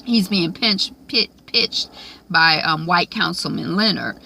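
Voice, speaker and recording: A woman's voice: lowish voice, slow, vocal fry, sharp tone, a little hiss or hum. A woman casually recapping a TV episode, chatty, with lots of "um" and "like", acting out the characters' lines. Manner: chatty, frequent "um" and "like", acts out quoted lines.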